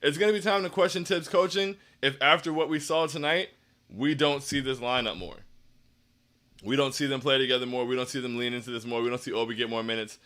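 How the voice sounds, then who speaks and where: A man's voice: mid-range voice, fairly even intonation, brisk, fairly bright tone. A man hosting a postgame livestream, reading chat comments, sounding dejected and down, often restarting his sentences. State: down after a loss. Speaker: stream host.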